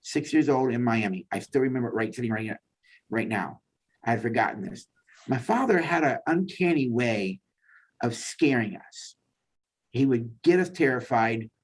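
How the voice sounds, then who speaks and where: A man, a therapist guest, sharing a heartfelt personal testimony in conversation and acting out the dialogue as he tells it. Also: mid-range voice. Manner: heartfelt storytelling, acts out dialogue. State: tearful at times.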